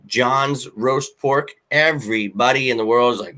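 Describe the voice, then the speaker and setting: Blunt, ranting man, bright voice. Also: medium pitch, moderate pace, a little hiss or hum. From Philadelphia. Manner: blunt, animated fan rant with frequent fillers. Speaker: sports podcast host. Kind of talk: casual sports talk.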